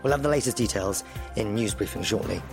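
A man hosting a news radio show in a studio, speaking with a hoarse, sore-throated voice. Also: fairly low pitch, fast, music in the background. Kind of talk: scripted news radio presenting. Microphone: studio microphone.

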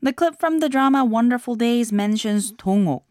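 A woman hosting a scripted language lesson, explaining phrases in a clear, measured way. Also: a little high, lively intonation, over loud music. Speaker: host.

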